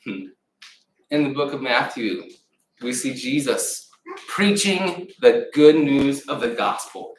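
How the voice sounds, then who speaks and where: A man preaching a sermon in a church, retelling a story with lively acted-out voices. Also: mid-range voice, takes it slowly, slight background noise. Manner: animated storyteller acting out voices. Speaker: pastor. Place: church sanctuary. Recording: echoey room, mic at a distance.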